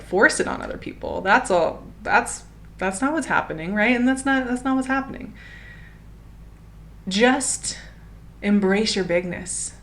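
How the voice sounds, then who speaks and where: A woman giving a casual, encouraging tarot reading, chatty and enthusiastic, often laughing and asking "right?". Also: on the low side. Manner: chatty, warm and encouraging, many "like" and "right?" fillers. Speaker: tarot reader.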